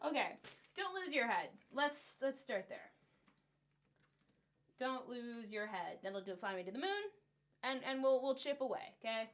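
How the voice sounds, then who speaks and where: A woman's voice: high-pitched, big pitch swings, measured pace, long pauses, a bit bright. A woman streamer chatting casually between songs, apologetic and giggly, on a studio condenser microphone. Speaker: streamer and singer.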